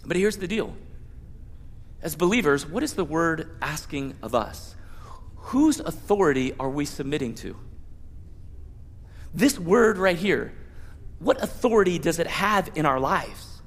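Guy pastor preaching, high voice, chatty and animated, asks the crowd questions, big echoey church. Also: unhurried, pauses often. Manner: conversational, animated preaching with mock prayers and rhetorical questions. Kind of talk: sermon. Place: church sanctuary.

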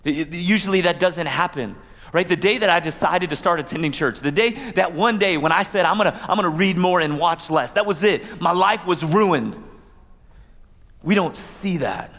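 A man's voice: high voice, expressive, normal speed, gravelly, a bit bright. A man pastor giving a conversational sermon, with asides and playful quoted voices. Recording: long hall reverb.

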